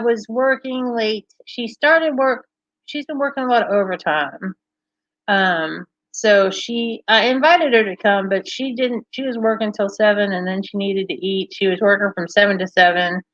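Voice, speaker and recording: Slow-talking woman chatting on a livestream. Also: mid-range voice, fairly bright tone, dry recording, dull audio. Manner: bubbly, laughs often, chats with live comments. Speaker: livestream host. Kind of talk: casual chat with viewers.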